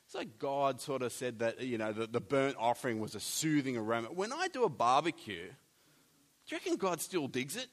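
A man preaching a sermon, animated, with jokey asides and big swings between loud and soft. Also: medium pitch, normal speed. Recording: long hall reverb.

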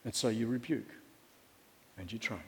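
A man's voice: mid-range voice, normal speed, slight background noise. Middle-aged male pastor, conversational and wry sermon delivery, echoing church hall. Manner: conversational, wry, asks the congregation questions. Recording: long reverb of a church hall.

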